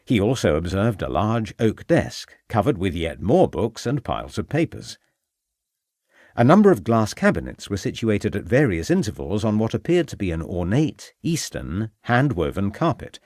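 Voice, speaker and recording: Brief: measured, expressive man reading a crime novel, fairly low and very dry. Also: no room sound. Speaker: audiobook narrator. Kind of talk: scripted narration.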